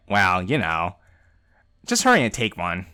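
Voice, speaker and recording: A man's voice: lowish voice, huge pitch swings, slow pace, bright, forceful tone, full character voice. A man voicing a bratty, proud teenage girl in a visual novel, talking in snippy, brusque bursts.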